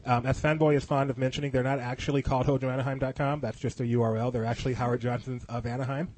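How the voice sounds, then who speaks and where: A man's voice: mid-range voice, little pitch movement, racing, darkish tone. A man hosting a casual podcast, reading sponsor plugs and chatting with a light laugh. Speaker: podcast host.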